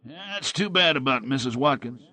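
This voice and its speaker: A man's voice: lively intonation, normal speed, bright, forceful tone, no room sound. A man voicing a chatty small-town male bartender with a folksy, gossipy manner. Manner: folksy, gossipy, raised pitch.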